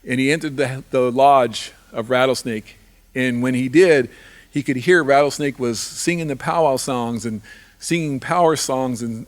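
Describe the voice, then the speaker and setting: Guy telling an old animal tale at a live event, repeats lines, rhythmic. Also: medium pitch. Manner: repetitive, rhythmic with restarts. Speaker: storyteller. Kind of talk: oral traditional storytelling.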